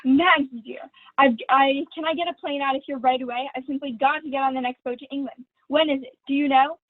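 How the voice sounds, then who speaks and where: A woman's voice: high-pitched, fairly even intonation, fairly quick, close to an everyday voice. A young woman acting a vain, gushing glamorous stage actress in a school play read over a video call. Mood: excited. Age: teens. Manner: theatrical, affected, honeyed. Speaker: student actor. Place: at home. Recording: dry, tinny video call audio.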